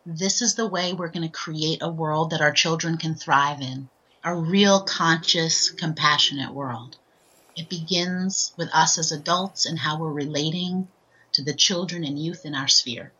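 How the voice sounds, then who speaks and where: A woman's voice: low voice, unhurried, bright, forceful tone, breathy edge. A woman guest telling a personal story in a podcast interview, earnest and heartfelt, often checking in with "right?". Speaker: guest, author and transformational speaker. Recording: dull, lo-fi sound.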